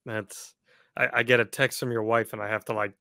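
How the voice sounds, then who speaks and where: A man co-hosting a podcast, asking questions and reminiscing like an excited fan, laughing easily. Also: fairly low pitch, fairly quick, vocal fry, dry recording, studio quality. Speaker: podcast co-host. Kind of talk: casual chat.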